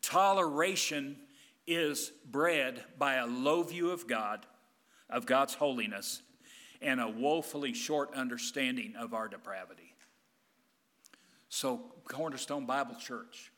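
A man preaching a sermon as pastor, emphatic and intense, swinging between loud and hushed. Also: mid-range voice, a little slow.

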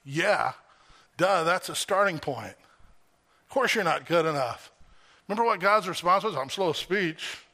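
A male pastor preaching a sermon at a church service, animated and emphatic, throwing out rhetorical questions to the congregation. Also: high-pitched, moderate pace, long pauses, slightly rough.

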